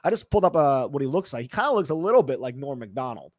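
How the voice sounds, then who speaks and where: Fast-talking playful podcast co-host man. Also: mid-range voice, sing-song, no room sound, studio quality. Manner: quick, loose, playful banter. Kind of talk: casual sports podcast chat.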